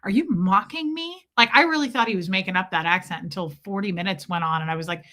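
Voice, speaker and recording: A woman from Nebraska telling a self-deprecating travel story on a live stream in a casual, animated way. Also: fairly low pitch, quick pace. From Omaha, Nebraska, USA.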